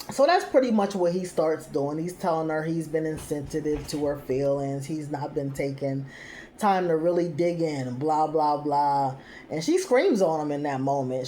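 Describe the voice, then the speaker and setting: A woman's voice: on the low side, warm tone. Chatty woman recapping with sass. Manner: chatty, laughs often, acts out quoted lines; uses casual slang like "child" and "y'all". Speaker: recap show host. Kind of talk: casual recap commentary.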